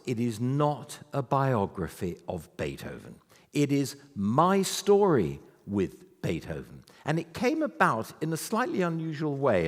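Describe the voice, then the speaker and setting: A man in his eighties giving an anecdotal, self-deprecating talk about his life to a festival audience. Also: a little high. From United Kingdom. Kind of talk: storytelling lecture to a live audience. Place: festival venue before an audience. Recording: reverberant hall.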